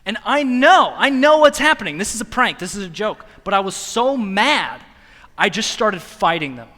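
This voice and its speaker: Bright-voiced young man preaching in a hall. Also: high-pitched, normal speed. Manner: animated, self-mocking storytelling with laughter. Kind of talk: sermon storytelling. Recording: long hall reverb.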